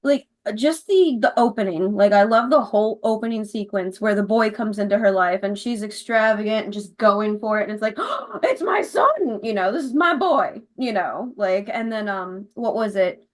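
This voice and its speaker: A woman's voice: medium pitch, fairly even intonation, moderate pace, few pauses, a little mellow. A woman in casual chat, gushing and candid, swearing freely as she talks about favorite scenes.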